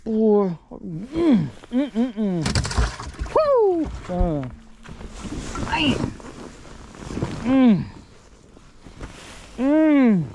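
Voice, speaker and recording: A middle-aged man, giving excited, folksy commentary while fishing from a boat outdoors. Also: very high-pitched, noisy background. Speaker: fishing vlogger.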